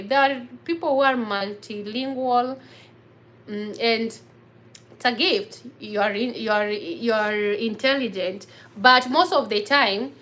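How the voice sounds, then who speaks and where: A woman vlogger talking casually to the camera in earnest, encouraging English that is not her first language, often restarting her phrases. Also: on the high side. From grew up in a village. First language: mother tongue not English.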